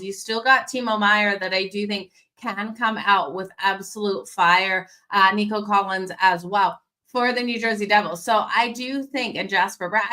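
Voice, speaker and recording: A woman hosting a daily hockey betting show, talking straight to her viewers in an energetic, conversational way while losing her voice a little. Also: a little high. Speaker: sports betting show host.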